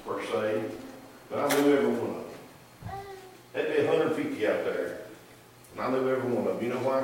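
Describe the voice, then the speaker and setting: A man's voice: medium pitch, recorded from a distance, slight background noise. A man preaching a sermon in a church, moving from folksy storytelling into fervent preaching. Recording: echoey hall, voice from afar.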